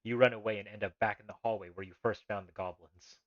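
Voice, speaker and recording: Man, streamer, reading a text game aloud, rambling asides, low voice, dry dull mic. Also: steady tone, quick pace, dry recording. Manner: rambling asides with laughs and restarts. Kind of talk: live-streamed text adventure, reading and commenting.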